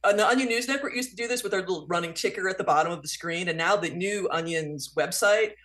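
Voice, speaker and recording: A woman speaks as a guest author on a radio interview. She explains at length in an animated, talkative way, close to a studio microphone. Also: fairly low pitch, fast talker.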